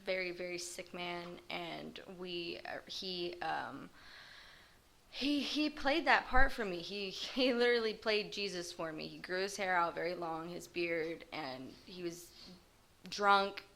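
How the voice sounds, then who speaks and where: A woman giving a personal testimony to a group. Her voice sits low for a woman yet sounds bright and forward. She speaks haltingly, pausing often as she recalls her past. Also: vocal fry. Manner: halting and hesitant, with frequent pauses. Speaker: recovery group member sharing her story.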